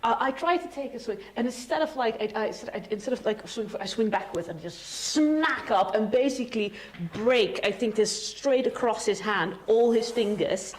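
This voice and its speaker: A woman playing a live tabletop game, animated and quick to laugh. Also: fairly high pitch. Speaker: player. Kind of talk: live tabletop role-play. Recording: echoey hall with noise.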